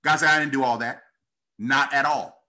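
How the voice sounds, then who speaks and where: A man's voice: steady tone, moderate pace, sharp tone. A man preaching a sermon, calling out to the congregation and building in intensity as he reads scripture. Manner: call-and-response preaching, rising in pitch and intensity.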